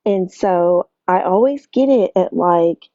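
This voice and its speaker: Southern woman, teacher, rambles with fillers; mellow, dry, slightly dull sound. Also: fairly low pitch, slow pace, dry recording. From Tennessee, US. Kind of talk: live-stream guest question.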